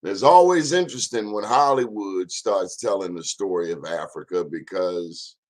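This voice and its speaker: A man hosting a casual live-stream monologue, chatting and speaking straight to his viewers. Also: low voice. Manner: chatty, addresses viewers directly, drawn-out phrases. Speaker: host.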